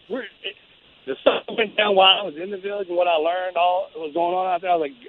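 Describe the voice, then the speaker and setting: A man's voice: high-pitched, fast talker. A former Navy SEAL guest telling a war story in a rambling, casual way, full of restarts and "man" and "dude". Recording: phone-like narrow band.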